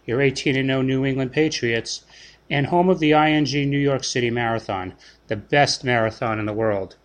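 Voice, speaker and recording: A man's voice: mid-range voice, fairly bright tone. An upbeat man reads a scripted podcast opening as guest announcer. His delivery is playfully boastful, hyping his home teams with a grin in his voice.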